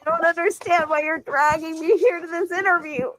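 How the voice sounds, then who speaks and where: A woman voicing a self-pitying, sickly woman who whines and sniffles through halting sentences. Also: extremely high pitch, fairly even intonation, over a noisy crowd. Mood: pitiful whining. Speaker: guest.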